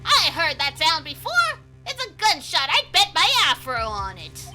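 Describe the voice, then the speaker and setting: A woman voicing a brash, excitable young Southern woman with a folksy American Southern drawl. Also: sits high, moderate pace, over loud music. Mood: excited.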